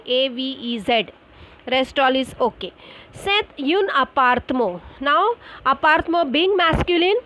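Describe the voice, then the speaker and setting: A woman teacher with an Indian English accent walks through a recorded lesson, patiently spelling each answer letter by letter. Her voice sits high. The recording is muffled and lo-fi. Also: slight background noise. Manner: explains step by step, spells words letter by letter. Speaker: French teacher.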